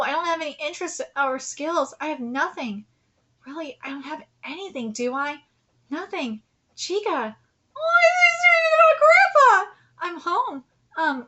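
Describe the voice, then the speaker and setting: A woman's voice: high voice, sharp tone. A woman streamer reading manga aloud and reacting live, emotional and near tears, with laughing asides.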